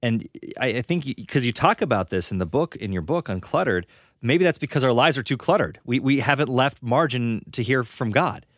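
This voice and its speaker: A man hosting an interview, his voice at an ordinary middle pitch. He asks reflective questions in a friendly, halting way, often restarting his sentences. The recording is dry and close to the mic. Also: lively intonation, no echo. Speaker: interview host. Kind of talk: conversational interview.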